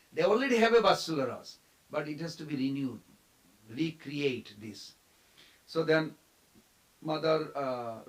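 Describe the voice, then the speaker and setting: A man giving a devotional storytelling class at a temple, animated, quizzing his listeners and briefly acting out the figures in the story. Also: a little high, low-quality recording. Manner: animated, quizzes the audience, acts out quoted figures.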